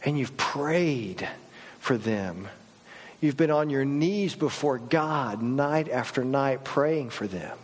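Dramatic preacher in a reverberant hall. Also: male voice, expressive, slow pace, breathy edge. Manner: dramatic, swinging from loud mock outburst to soft, low reflection. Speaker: pastor. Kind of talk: sermon. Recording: long reverb of a large hall.

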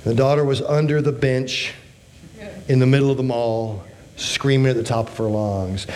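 A man's voice: medium pitch, steady tone, moderate pace, a little mellow. A man in his fifties preaching a sermon, emphatic, with rhetorical questions and joking asides. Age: 50s. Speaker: pastor.

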